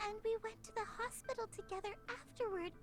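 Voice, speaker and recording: A timid teenage nurse from a dubbed video game, her voice pitched very high and meek. She sounds apologetic and unsure of herself. Game music plays clearly underneath. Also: steady tone, fast talker. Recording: game audio with background music.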